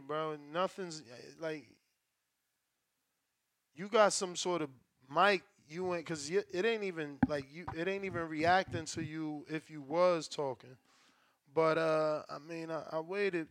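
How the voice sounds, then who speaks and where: A man's voice: fairly high pitch, steady tone, a little slow, a bit bright, no echo. A man hosting a live call-in boxing show, talking to callers and chat in slangy, profane, joking banter. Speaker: show host.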